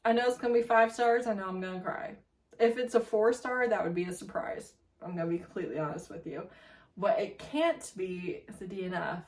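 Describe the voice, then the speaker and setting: Animated woman vlogging, a bit off-mic. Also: mid-range voice, a little fast, recorded from a distance. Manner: animated and emphatic, laughing often. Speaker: booktuber host. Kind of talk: casual reading vlog chat. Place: home room with laptop.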